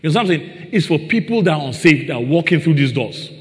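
A man's voice: on the high side, lively intonation, fast. A man preaching a sermon to a congregation, reading scripture and stressing his points with "Praise the Lord" and questions to the listeners. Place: church hall. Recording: long reverb of a hall.

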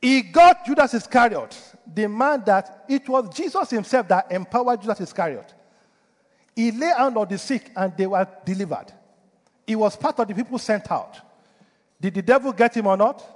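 A man's voice: sits high, expressive, moderate pace, big-room sound. A male pastor delivering a sermon, preaching emphatically and putting rhetorical questions to the congregation. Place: church.

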